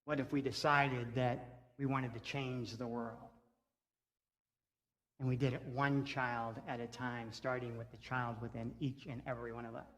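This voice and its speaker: A man's voice: medium pitch, level tone, normal speed, a bit bright. A man preaching a sermon as pastor, earnest, with rhythmic repeated lines. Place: church sanctuary. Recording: reverberant church sanctuary.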